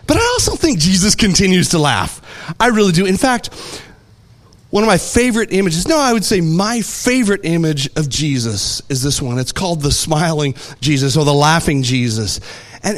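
A man preaching a sermon, telling stories with animated delivery and acting out voices. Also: high-pitched. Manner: animated storytelling, acts out voices. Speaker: pastor.

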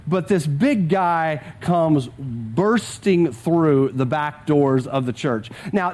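A middle-aged male pastor delivers a sermon in a notably high voice. He tells a story to his congregation, often repeating words and chuckling as he talks. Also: darkish tone. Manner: storytelling, with frequent word repeats; chuckles often while talking. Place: church service with a live congregation.

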